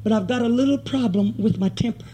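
Brief: downcast, stammering pastor with a lower voice, played by a male preacher. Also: fast, dark tone, husky. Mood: troubled. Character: troubled male pastor confessing his temper.

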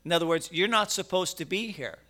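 High, bright-voiced male preacher. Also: brisk. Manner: emphatic, with rhetorical questions and repeated words; animated, swinging from quiet to loud. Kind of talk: sermon.

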